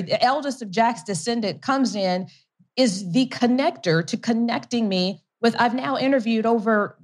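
A middle-aged woman, a company founder in an interview, telling her story with energy, laughing often and restarting sentences. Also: on the high side. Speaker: whiskey company founder and investor being interviewed.

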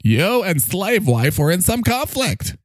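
A man voicing a cocky, needy male talking microphone that swoops in pitch and bursts into shouts. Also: big pitch swings, a little slow, no room sound, studio quality, exaggerated voice. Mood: gushing. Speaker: podcast co-host character. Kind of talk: improvised comedy bit.

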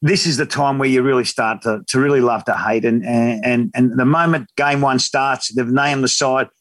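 A man's voice: medium pitch, moderate pace, no echo. A man in his fifties with an Australian accent, chatting casually as a guest and telling stories with slang and laughter. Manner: animated storyteller, slangy and laughing. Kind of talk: casual radio chat.

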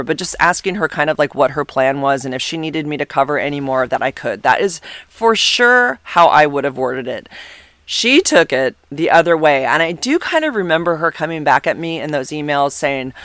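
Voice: medium pitch, fairly bright tone, no room sound. A substitute teacher telling a personal story in a casual, rambling way, full of restarts and fillers.

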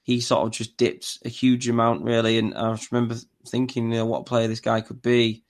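A man's voice: mid-range voice, flat delivery, brisk. A man co-hosting a podcast, telling casual stories in a rambling way with many fillers. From not from Newcastle. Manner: rambling, filler-heavy storytelling. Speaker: podcast co-host. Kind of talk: casual chat.

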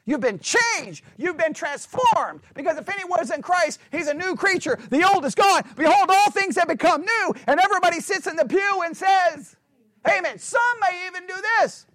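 A man preaching an animated sermon, full of rhetorical questions and acted-out voices of churchgoers. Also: very high voice, fairly quick, few pauses, dry recording.

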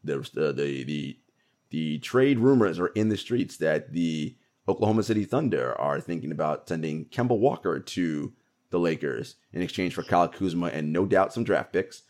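A man's voice: deep voice, animated, normal speed, a little mellow. A man co-hosting a basketball podcast in casual chat, laughing often and repeating words as he talks. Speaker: podcast co-host.

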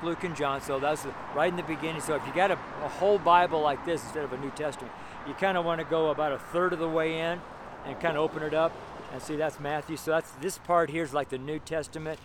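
Street preacher over loud traffic. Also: male voice, fairly high pitch. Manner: plain, rambling and earnest, with many fillers and restarts. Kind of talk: outdoor street sermon. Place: outdoors by a busy street intersection. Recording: noisy street recording with traffic. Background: loud traffic noise.

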